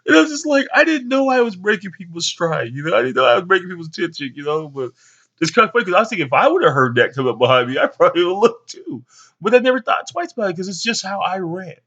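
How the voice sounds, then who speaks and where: Young father, rambling casual storyteller, gravelly bright voice, mid pitch. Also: fast talker, lo-fi sound. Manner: rambling, many fillers, animated when quoting others. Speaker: father telling stories to his sons.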